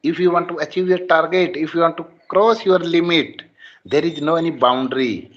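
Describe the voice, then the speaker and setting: Earnest student, lo-fi. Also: male voice, fairly high pitch, fairly even intonation. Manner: earnest, halting, motivational. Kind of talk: online class conversation.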